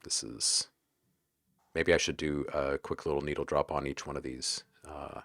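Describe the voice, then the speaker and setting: Low-voiced man hosting a livestream. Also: fairly quick, no room sound, clean studio sound. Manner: joking, relaxed, talks to chat while browsing. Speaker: livestream host. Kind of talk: casual livestream chat.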